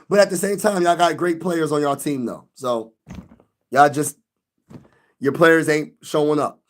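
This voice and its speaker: A man's voice: on the high side, unhurried, long pauses. A young man hosting a sports live stream, venting loosely in slang and talking back to his chat.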